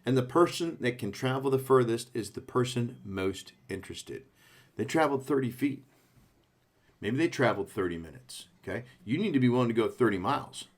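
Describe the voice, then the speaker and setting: A man's voice: medium pitch, expressive, a little fast. A man coaching a sales team, speaking in short punchy phrases and checking in with the listener often. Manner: punchy, coaching, frequent "okay?" check-ins. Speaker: sales trainer. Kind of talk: sales training talk.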